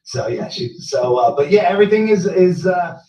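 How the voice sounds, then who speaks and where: A man's voice: sits high, animated, moderate pace, dark tone. Easygoing man calling in from a car. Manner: easygoing, rambling, hesitant. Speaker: guest. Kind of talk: casual chat on a video call. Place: in a car, driving. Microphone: video call. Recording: dull, roomy sound, distant from the mic.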